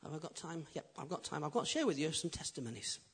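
A man preaching a sermon as pastor, swinging from loud, emphatic build-ups to quiet, intimate asides. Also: fairly high pitch, fast, slightly rough. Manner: animated preaching, rising loud then dropping quiet.

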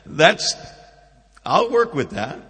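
A man preaching a sermon, swinging between loud emphatic peaks and hushed storytelling. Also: fairly high pitch, sing-song, slow, in a large hall. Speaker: pastor.

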